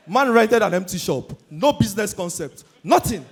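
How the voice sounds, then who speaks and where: A young Nigerian man doing a high-energy stand-up comedy routine on stage, shouting his punchlines and slipping into Pidgin. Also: lively intonation, brisk, breathy edge, a faint crowd. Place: live comedy stage before an audience.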